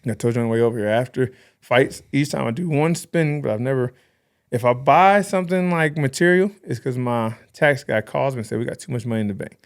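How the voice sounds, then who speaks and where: Brief: man, 30s, interview guest, quick delivery, animated storyteller who voices the people in his stories. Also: mid-range voice, smooth. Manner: animated storyteller acting out quoted dialogue. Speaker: podcast guest. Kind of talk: casual interview chat.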